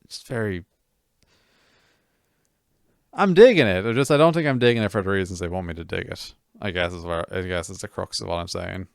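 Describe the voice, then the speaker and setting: A man's voice: sits low, brisk, creaky, long pauses, dry recording, clean studio sound. A man streaming a game, chatting casually with viewers in a rambling, self-mocking way full of restarts.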